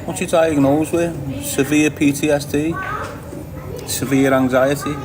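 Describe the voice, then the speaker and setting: Reading out comments from his livestream viewers, a Liverpool man chats bluntly and casually, swearing and laughing a lot. He has a slightly high, steady voice and a measured pace, with a noisy background.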